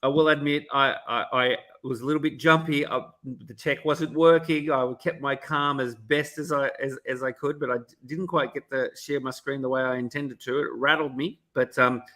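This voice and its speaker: A man giving a keynote as a live demo over a video call, enthusiastic and thinking aloud with quick self-corrections. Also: medium pitch, fairly even intonation, sharp tone. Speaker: keynote speaker.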